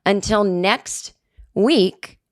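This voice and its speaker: A middle-aged woman hosting a solo comedy podcast, ranting and telling stories with sarcastic, animated asides. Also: mid-range voice, very slow, no echo, clean studio sound. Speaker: podcast host.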